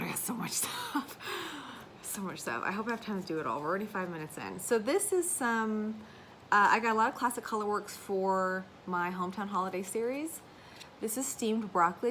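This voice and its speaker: A woman's voice: medium pitch, a bit bright, slight background noise, low-quality recording. Chatty woman in her thirties. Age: 30s. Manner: chatty, rambling and laughing. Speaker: craft vlogger. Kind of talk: casual chat.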